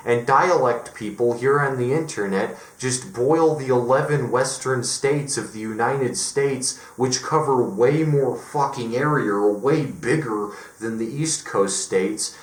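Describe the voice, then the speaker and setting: Man from Colorado, vlogger rant, emphatic and profane, mid pitch, echoey room. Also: a little slow, hardly any pauses. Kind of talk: ranting monologue.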